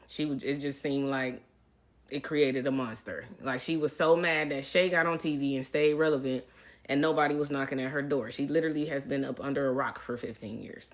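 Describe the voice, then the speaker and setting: A middle-aged woman in casual livestream chat. She reads out viewer comments and answers them in a chatty way, calling her viewers y'all. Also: very deep voice. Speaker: reality TV personality answering live viewer comments.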